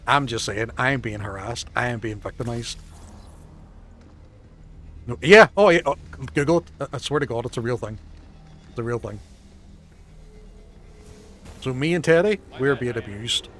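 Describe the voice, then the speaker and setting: A man's voice: medium pitch, normal speed, pauses often, fairly bright tone, a little hiss or hum. A man, commentating his live gameplay and bantering profanely with chat. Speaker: gaming streamer.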